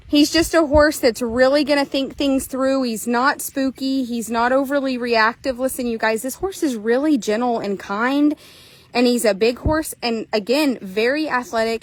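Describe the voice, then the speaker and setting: A horse seller and trainer with a slightly high voice walks viewers through a horse for sale at an outdoor trail course. She's chatty and upbeat but hot and a little breathless in the heat. The recording quality is low.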